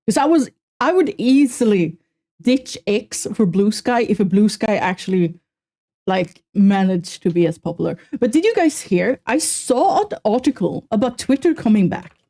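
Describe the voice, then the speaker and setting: Bubbly woman streamer, mellow voice. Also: mid-range voice, normal speed. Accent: Swedish. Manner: animated, exclamatory, self-mocking. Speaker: VTuber streamer. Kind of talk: casual reaction stream chat.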